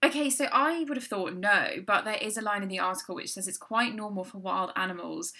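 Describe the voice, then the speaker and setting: A woman's voice: medium pitch, fairly quick, creaky, pushed and bright. A young woman co-hosting a podcast, chatting casually in an upbeat way. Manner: upbeat, reads poll results in a mock newsreader voice. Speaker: podcast co-host. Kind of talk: casual chat.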